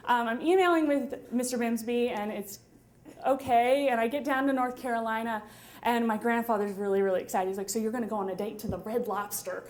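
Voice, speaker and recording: A woman in her twenties telling a wry, funny story live on stage at a story slam, with quick asides and laughter. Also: fairly high pitch, a little mellow. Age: 20s.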